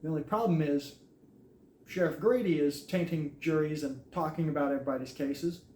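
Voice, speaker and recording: A man's voice: a little high, a little fast, mellow. A man, an army veteran, telling his own story in a casual, earnest way and acting out what others said. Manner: earnest, recounts events with quoted dialogue. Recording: echoey room with faint noise.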